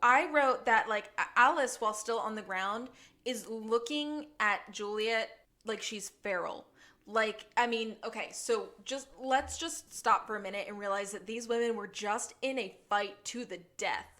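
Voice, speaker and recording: A woman co-hosting a podcast, casually recapping a TV episode and acting out lines in a high, excited voice. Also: a little slow. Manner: animated, acts out quoted lines in a high voice. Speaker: podcast co-host.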